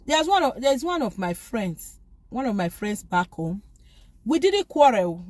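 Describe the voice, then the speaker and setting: A woman's voice: medium pitch, very animated, unhurried, a little hiss or hum. A woman giving an informal spoken talk urging forgiveness, pleading and emphatic, often repeating phrases. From lives abroad, from back home elsewhere. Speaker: faith vlogger.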